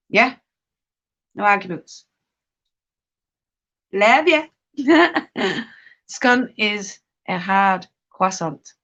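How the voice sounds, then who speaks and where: A woman hosts a relaxed live stream, talking slowly and easily as she knits. She answers viewers' comments in a chatty, friendly way and laughs often. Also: a little high, muffled recording. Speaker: livestream host. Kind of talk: casual chat while knitting, reading chat.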